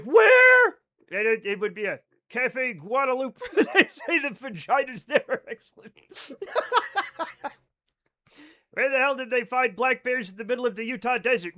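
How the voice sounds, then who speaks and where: Guy streaming a game, high voice, swears a lot, reads chat out loud and jokes around. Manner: chatty, profane, reads chat aloud and riffs on it. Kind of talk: casual live-stream chat while gaming.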